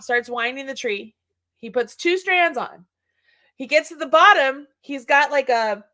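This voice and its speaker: A woman hosting a casual chat show, telling a story in an animated way and laughing often. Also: sits high. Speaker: show host. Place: home.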